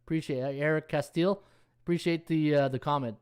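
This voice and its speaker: A man's voice: a little high, steady tone, fast talker, a little mellow, clear, resonant tone. A man hosting a casual sports betting live stream, rambling and thinking aloud as he scrolls through stats and thanks viewers. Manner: reads viewer comments and thanks them. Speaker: sports betting handicapper and host.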